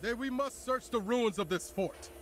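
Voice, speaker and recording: A man's voice: very high voice, moderate pace, slight background noise. An actor playing a nerdy young man who speaks in mock-archaic, theatrical game dialogue.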